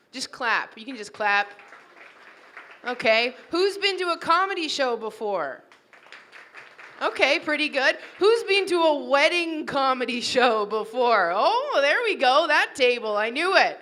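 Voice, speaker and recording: Bright-voiced woman doing stand-up. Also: sits high, lively intonation, measured pace. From Toronto, Canada. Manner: chatty, teasing the crowd. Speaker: stand-up comedian. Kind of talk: stand-up comedy set. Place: wedding reception hall.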